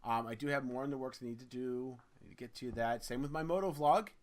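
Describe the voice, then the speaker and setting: A man's voice: mid-range voice, fast. A man hosting a gaming podcast in casual chat, upbeat and teasing, laughing readily. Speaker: podcast host.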